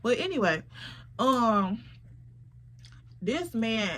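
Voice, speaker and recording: A woman, casually telling a story to camera and quoting friends in quick, slangy voices. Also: a little high, very animated, a bit bright. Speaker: storytime vlogger.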